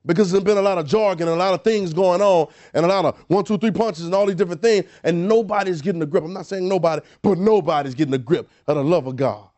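A man's voice: high-pitched, fast, hardly any pauses, a little mellow. A man preaching a sermon, emphatic and repetitive, asking rhetorical questions and often restarting his words. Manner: frequent word repetitions and restarts.

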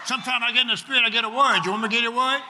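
A man preaching a charismatic sermon at a live church service, laughing and shouting exhortations. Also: very high voice, steady tone, very fast. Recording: loud crowd and heavy noise in a live church.

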